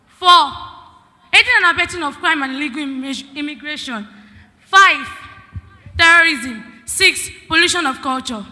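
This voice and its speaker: A woman's voice: sits high, moderate pace, pauses often, pushed and bright. A Nigerian teenage girl giving a formal school debate speech, emphatic and full of rhetorical questions. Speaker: student debater. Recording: hall reverb.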